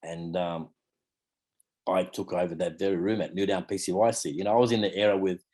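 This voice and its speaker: A man's voice: low voice, steady tone, a little fast, a little mellow. An Australian man in his fifties, a martial arts teacher talking casually in an interview, rambling and leaning on fillers like "you know" and "mate". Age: 50s.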